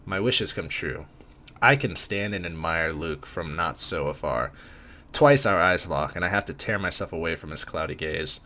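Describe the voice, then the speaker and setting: Low-voiced guy reading a romance story out loud, bright edge, jokey asides. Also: normal speed. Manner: casual and self-mocking, swears in asides. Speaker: reader of a parody romance.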